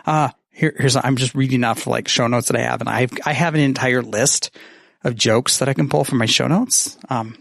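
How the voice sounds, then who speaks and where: A man recording a message for a friend, reading bad puns in a deadpan, self-mocking way and swearing casually. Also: medium pitch, normal speed, creaky, no echo, clean studio sound. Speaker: podcaster sending a message. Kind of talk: recorded message, joking monologue.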